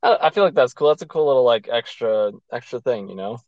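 A man hosting a podcast who talks in a relaxed, agreeable way with frequent fillers. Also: medium pitch, fast talker, no room sound. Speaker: podcast host. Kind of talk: casual chat. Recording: dull, dry lo-fi sound.

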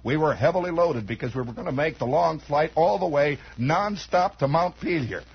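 Brief: American male radio host in his forties, a high raspy voice, meandering yarn-spinning monologue, lo-fi vintage broadcast. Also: lively intonation, normal speed. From United States. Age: 40s. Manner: meandering, wry, with many asides. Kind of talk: rambling improvised radio monologue. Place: radio studio. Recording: dull lo-fi 1960s radio recording.

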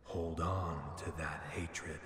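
An actor playing a menacing male swordsman villain who speaks slowly and softly, taunting. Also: deep voice, level tone, crowd noise. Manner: slow, soft-spoken, taunting. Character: menacing silver-haired male swordsman villain, calm and cruel. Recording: game audio with loud music.

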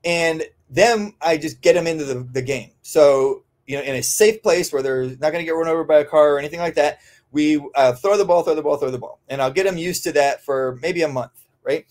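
A man who trains dogs, answering listener questions in a casual podcast, often tagging "right?" and filling pauses with "um". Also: a little high, a little mellow. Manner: conversational, frequent "um" and tag "right?". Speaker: dog trainer.

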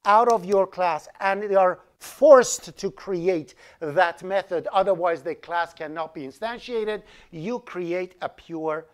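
A middle-aged man who grew up speaking Azerbaijani, teaching a college programming class in a lively, joking way and putting questions to the students. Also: sits high, takes it slowly, few pauses. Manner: lively, asks the class questions, jokes around. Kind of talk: live classroom lecture.

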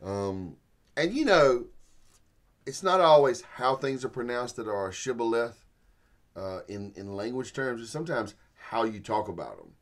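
A man teaching through a Bible passage in a folksy, animated storytelling way, chuckling as he goes. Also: mid-range voice, measured pace. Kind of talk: sermon-style Bible teaching.

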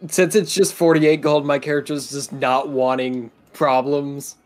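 A man's voice: medium pitch, level tone, unhurried, faint music behind. A man playing a tabletop game, laid-back, explaining what his character does. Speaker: player. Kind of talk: casual tabletop play.

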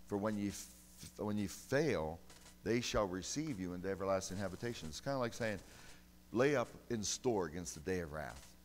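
A male pastor preaching a sermon, folksy and emphatic, with sudden loud bursts between quieter, conversational stretches. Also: deep voice, animated, moderate pace, in a large hall, a little hiss or hum. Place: church sanctuary.

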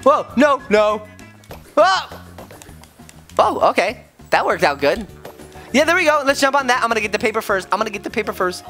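A man's voice: normal speed, long pauses, soft background music. A man playing a video game with his son, chatting casually and playfully, breaking into sudden squeals. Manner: excitable and goofy, with sudden high squeals. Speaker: gaming video host, father.

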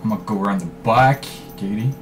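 A man giving live commentary over his own shooter gameplay, swearing freely and trash-talking in bursts of excitement. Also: lowish voice, a little fast, faint music behind. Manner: profane, excitable trash talk. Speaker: gaming commentator.

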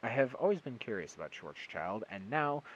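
A man's voice: mid-range voice, sing-song, normal speed, muffled recording, slight background noise, pitched above the performer's own voice, close to an everyday voice. A man reading the lines of an eager, curious young male graduate student in an audiobook. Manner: curious, persistent questioning.

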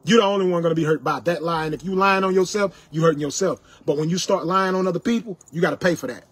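A man's voice: on the high side, quick pace, husky, no echo. A man angrily lecturing his viewers, repeating his warnings like a sermon. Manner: angry, repetitive, sermon-like warnings. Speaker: internet personality ranting to viewers. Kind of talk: angry preachy monologue.

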